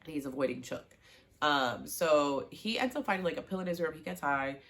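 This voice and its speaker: A low-pitched woman, a show recap vlogger, runs through a TV season at a normal speed. She's casual and animated, acting out the characters' lines and gushing about the scenes she loved most.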